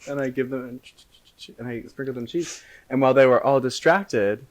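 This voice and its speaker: A man improvising a silly quest story on a comedy podcast. He delivers his lines in a deadpan, drawn-out way, with a pitch in the middle of the usual range. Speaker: podcast co-host.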